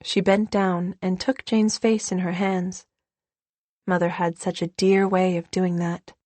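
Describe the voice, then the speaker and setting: A woman's voice: on the low side, little pitch movement, a little slow, a little mellow, no echo. Woman narrating in a dry, close voice. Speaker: audiobook narrator. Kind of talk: scripted narration.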